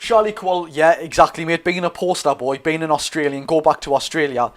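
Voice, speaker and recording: A man's voice: a little high, fairly even intonation, brisk. A young Geordie man giving chatty live commentary on a football match and answering his viewers' chat. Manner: chatty, reads out live chat and reacts to play. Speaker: football watch-along streamer.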